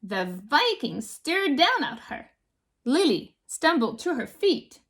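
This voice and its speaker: Animated woman reading a children's story. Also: sits high, slow pace. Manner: animated and expressive, asks the listener questions. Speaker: author reading her own book. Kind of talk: children's storybook read-aloud.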